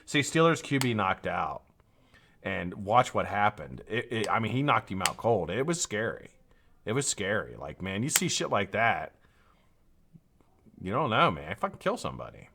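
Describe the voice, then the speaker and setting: Low-voiced tired guy rambling on a live stream, lots of swearing, bright voice that swings up and down. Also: big pitch swings, normal speed, gravelly, slight background noise. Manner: rambling, swears a lot, laughs often. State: tired and yawning. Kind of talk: casual live stream chat.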